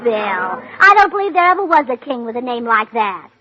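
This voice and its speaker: A woman's voice: on the high side, sing-song, moderate pace. A woman in a 1940s radio comedy, playing a bubbly, scatterbrained wife who giggles often. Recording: muffled 1940s radio broadcast with loud hiss.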